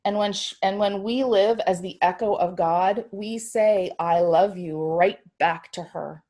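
A woman reading a story aloud in a measured storytelling manner. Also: medium pitch, a little mellow.

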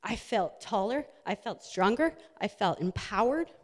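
A woman's voice: mid-range voice, animated, measured pace. A woman, a nurse and wellness coach, giving a personal motivational talk with slides, earnest and full of fillers. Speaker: speaker, health and wellness coach. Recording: echoey hall.

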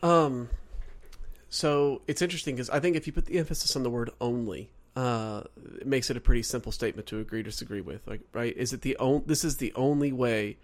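A man co-hosts a podcast and works through his points carefully, often rephrasing himself. His voice has an ordinary middle pitch. He speaks in an easy, conversational way. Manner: measured, reasons step by step, rephrasing himself. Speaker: podcast co-host. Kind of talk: casual podcast discussion.

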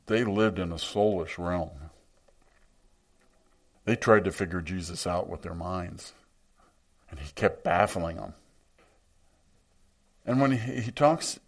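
A man preaching a sermon, reading scripture aloud and reflecting on it in a musing way. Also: low-pitched.

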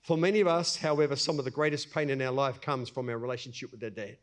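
A middle-aged pastor, preaching in a conversational way and acting out everyday scenes. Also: male voice, mid-range voice, steady tone, fast talker. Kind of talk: sermon.

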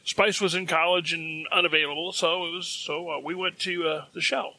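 Middle-aged male podcast host, casual storyteller, fairly high and bright tone, chatty and self-amused. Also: fairly even intonation, moderate pace, no room sound. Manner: chatty, self-amused, chuckles at his own jokes.

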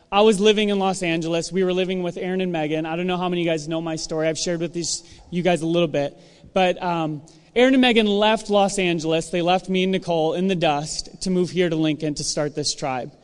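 A young man giving a casual, animated sermon to a church audience, acting out quoted voices as he talks. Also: high voice, brisk, clean tone. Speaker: church speaker. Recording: long hall reverb.

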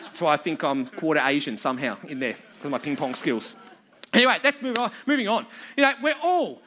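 An Australian man with a high, bright voice preaches to a live crowd. He tells his story with a self-mocking, joking touch. His sound is sharp and forward. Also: expressive, fairly quick. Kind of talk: storytelling sermon to a live audience.

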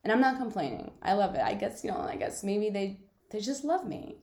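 A woman's voice: mid-range voice, big pitch swings, fairly quick, darkish tone, reverberant. A young woman hosting her own podcast, chatting casually and telling stories with lots of fillers and giggles. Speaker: podcast host. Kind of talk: casual solo podcast chat.

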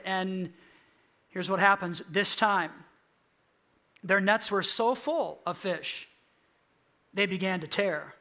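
Male pastor, animated sermon delivery, high bright voice, playful sarcasm in quotes. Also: slow pace, pauses often.

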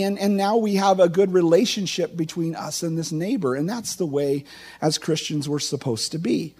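The speaker is a middle-aged man, a teaching pastor, whose sermon feels like a casual conversation full of questions to the congregation and stories from his own life. His voice leans high, a little mellow, with some breathiness.

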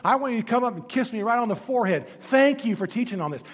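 Preaching with quick, expressive energy, a man tells stories from the pulpit, his delivery swinging from loud emphasis to hushed, low moments. The sound has a long hall reverb.

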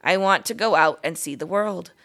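A woman's voice: fairly low pitch, moderate pace. A woman voicing a curious, adventurous young male mouse who talks eagerly in a storybook reading. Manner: eager, excited.

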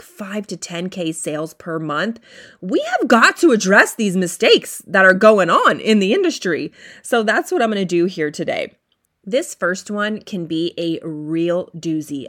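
A woman hosting a solo podcast, coaching retail owners in a chatty, upbeat way and acting out her listeners' inner voices. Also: on the low side.

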